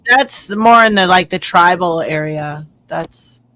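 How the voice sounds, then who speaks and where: A woman's voice: fairly low pitch, takes it slowly, pushed and bright, dry recording. A woman hosting a livestream who chats in an easygoing, rambling way. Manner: easygoing, chatty. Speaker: livestream host. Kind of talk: casual chat.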